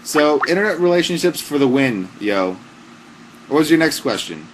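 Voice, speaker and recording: A young man hosting a live stream, handing out mock-serious joke advice in a casual, deadpan way with lots of fillers. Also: a little high, moderate pace, background noise. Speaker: livestream host giving joke advice. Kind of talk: casual comic livestream chat.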